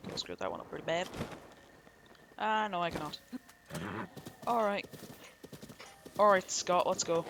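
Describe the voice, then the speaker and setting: A man's voice: high-pitched, moderate pace, long pauses, background noise. A man with an English accent giving casual, rambling, jokey commentary over a game playthrough. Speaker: gameplay streamer. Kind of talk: casual let's-play commentary.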